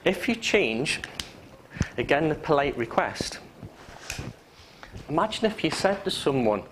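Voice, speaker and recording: A man's voice: fairly high pitch, sing-song, a little slow, pauses often, fairly bright tone, slight background noise, low-quality recording. A man with a Geordie accent teaching hypnotherapy to a live class, joking and acting out example phrases. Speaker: hypnotherapy trainer. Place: training room with students.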